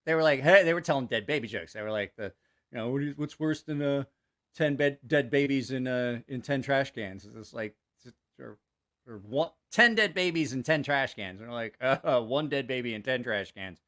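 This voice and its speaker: Bright-voiced man telling crude jokes. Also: mid-range voice, normal speed. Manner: laughs at his own jokes, swears freely; animated joke telling. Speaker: channel host. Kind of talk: casual livestream storytelling.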